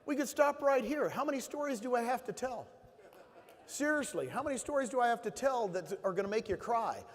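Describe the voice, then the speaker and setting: A man's voice: very high-pitched, big pitch swings, brisk. Man telling stories in a reverberant hall. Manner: emotional storytelling, rising to emphatic bursts. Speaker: motivational speaker. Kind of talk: motivational talk to an audience.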